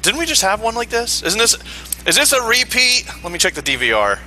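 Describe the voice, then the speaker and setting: A wisecracking male co-host with a very sharp, bright voice, pitched slightly high. His delivery is animated and quick to laugh, and there is a faint hiss behind him. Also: low-quality recording. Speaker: podcast co-host. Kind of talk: casual chat.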